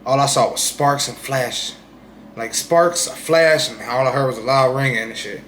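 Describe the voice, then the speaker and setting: A man's voice: mid-range voice, moderate pace. Young guy rambling thru his story, keeps going "you know what im saying", faint hiss behind. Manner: animated retelling, swings loud and soft. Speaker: streamer telling his own story. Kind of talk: casual storytelling.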